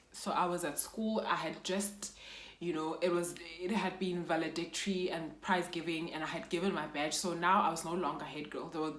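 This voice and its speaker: A woman's voice: lowish voice, echoey room. A young woman from South Africa with a South African accent tells an emotional personal story for her vlog, slipping Xhosa phrases into her English. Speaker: YouTuber.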